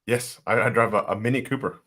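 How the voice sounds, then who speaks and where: A man's voice: mid-range voice, steady tone, fast, pushed and bright. A man co-hosting a casual livestream, giving blunt, plainspoken business advice. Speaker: livestream co-host.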